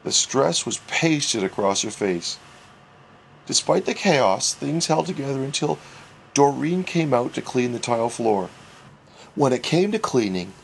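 A man reading a humorous story aloud, wry and expressive. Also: medium pitch, gravelly, a little hiss or hum. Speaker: narrator. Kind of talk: storybook narration.

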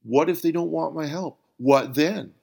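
A man's voice: fairly high pitch, unhurried, creaky, a little mellow, slightly rough, voice pushed up, exaggerated voice. A man voicing a frustrated, weary male pastor who talks defensively and questions everything. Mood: doubtful.

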